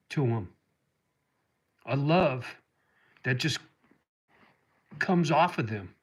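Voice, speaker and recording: On a laid-back livestream, a middle-aged host reads comments from viewers aloud and responds warmly, getting emotional over dogs. He speaks on the high side, with a husky yet fairly bright tone.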